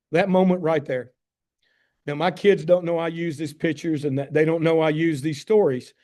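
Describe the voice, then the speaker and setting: Speaking in a Tennessee Southern drawl with a fairly high voice, a man in his fifties from Tennessee shares personal stories during a talk on a call. An addiction medicine doctor, he's warm, folksy, emphatic, and heartfelt, and keeps addressing his audience as "guys."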